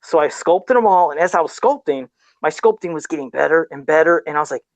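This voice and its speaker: A man's voice: fairly high pitch, expressive, fast talker, dry recording. A man guest on a casual podcast, a custom figure sculptor who tells stories in a rambling, self-deprecating way and chuckles often.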